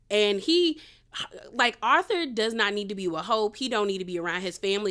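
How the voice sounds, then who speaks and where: A woman talks through a reality TV episode in a loose, colloquial recap. Her telling is chatty and animated, full of slang, at a middle pitch. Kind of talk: casual episode review.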